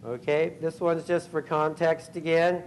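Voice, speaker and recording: A man giving a scientific conference talk, pausing often with ums and uhs and clearing his throat. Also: on the high side, a little hiss or hum, rough recording. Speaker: conference speaker. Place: convention center hall.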